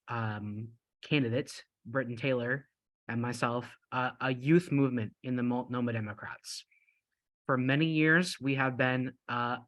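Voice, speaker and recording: A man's voice: medium pitch, bright, forceful tone. A young man on a video call giving a short upbeat statement as a newly elected officer, with some restarts.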